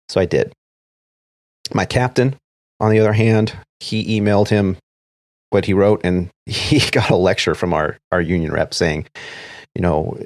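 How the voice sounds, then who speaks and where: Deep-voiced man recounting a cockpit story. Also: normal speed, darkish tone, no room sound, clean studio sound. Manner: recounts events step by step, acting out quoted radio calls. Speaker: airline first officer. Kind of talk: casual storytelling on a podcast.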